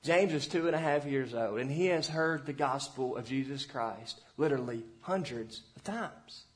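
A young man preaching a sermon to parents, earnest and exhorting, moving between loud appeals and hushed, intimate passages. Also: mid-range voice, animated, normal speed. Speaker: pastor.

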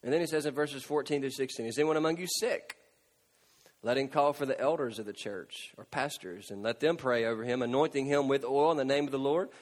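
A man preaching a sermon, impassioned, swinging from loud pleading cries to hushed, near-whispered lines. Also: mid-range voice, brisk, long reverb tail. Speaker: pastor.

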